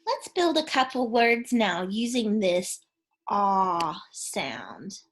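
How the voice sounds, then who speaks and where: A woman's voice: mid-range voice, animated, slow. A woman teacher giving a phonics lesson to young children. She is patient and encouraging and has them repeat sounds back to her.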